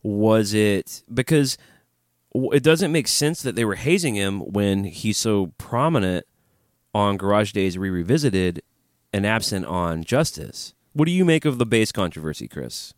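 A man co-hosts a casual music podcast with excitable energy, laughing easily and dropping the odd swear. His voice sits a bit low. The sound is dry and close, with no room around it. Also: measured pace, no echo. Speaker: podcast co-host. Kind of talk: casual chat.

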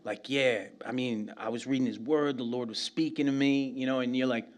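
A man's voice: mid-range voice, fairly quick, hardly any pauses. A middle-aged man from New York City, preaching a sermon full of humorous stories, laughing often and asking "right?" again and again. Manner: animated, laughs often, asks "right?" constantly. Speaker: pastor.

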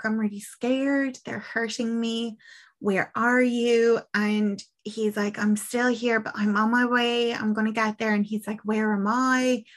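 A young woman in casual podcast chat, retelling a film plot and acting out the characters' lines. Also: a little high. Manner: chatty, acts out quoted lines, swears casually.

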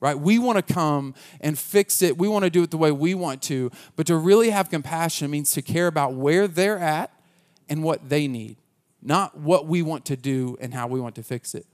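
A man's voice: a little high, normal speed, darkish tone. A man preaching a conversational sermon as pastor, earnest and casual, often restarting his sentences.

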